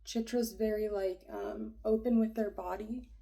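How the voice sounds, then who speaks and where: A woman's voice: medium pitch, steady tone, unhurried, creaky, mellow, poor audio. A young woman reading an astrology chart aloud in a casual, rambling way, hesitant and full of fillers, often dropping to a whisper. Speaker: astrology reader.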